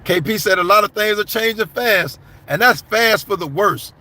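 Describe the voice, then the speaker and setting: A high-pitched male voice at normal speed, pushed and bright, belongs to a livestream commentator. He reads viewer comments aloud and replies bluntly in a conversational way, using y'all and man.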